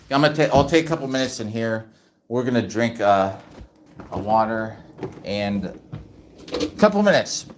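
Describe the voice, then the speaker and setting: A middle-aged man chatting casually on a livestream, rambling and restarting his sentences as he reads chat. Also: lowish voice. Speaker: livestream host.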